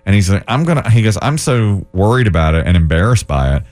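Lively, chatty man hosting radio. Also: lowish voice, fast, soft background music. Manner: chatty storyteller who acts out quoted dialogue. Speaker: radio show host. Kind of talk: casual radio chat.

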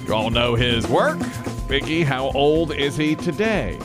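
An upbeat man hosting a morning radio show, rattling off trivia with a lively, rising and falling pitch. Music plays clearly behind him in the studio. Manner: upbeat, reads trivia quickly.

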